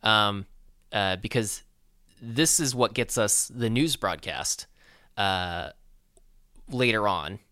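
A man with a low, bright, crisp voice talks through a film scene in a relaxed podcast chat. He halts often and fills pauses with ums and uhs. The sound is close and dry. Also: no echo. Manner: halting, filler-heavy recap. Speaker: podcast co-host. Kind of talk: casual movie discussion.

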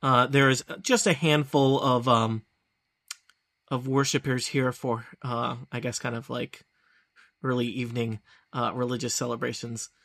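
A man's voice: mid-range voice, flat delivery, measured pace, vocal fry, fairly bright tone, dry recording, clean studio sound. A man narrating a tabletop game as game master, rambling with fillers. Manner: rambling, many fillers and restarts.

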